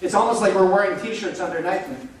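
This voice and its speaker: Brief: middle-aged man, light high voice, animated joking speaker, echoey room from far off. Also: a little fast, crowd noise. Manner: animated, joking, many "okay?" and "like". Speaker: speaker at a church marriage talk. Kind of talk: relaxed storytelling talk. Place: church hall.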